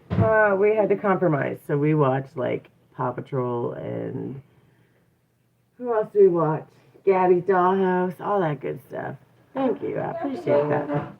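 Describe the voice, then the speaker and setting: A woman with a deep, low voice talks casually from home, laughing easily and stopping now and then to give her child firm little instructions. The sound is thin and tinny, like it is coming through a phone. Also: creaky. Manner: playful, laughs often, breaks off to correct her child. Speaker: channel host and mother. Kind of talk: casual live chat.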